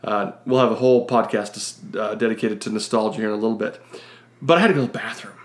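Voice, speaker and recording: A man in his forties from Utah, co-hosting a podcast and telling a story in a casual, animated way with frequent laughs. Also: fairly low pitch, fast, echoey room. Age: 40s. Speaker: podcast co-host.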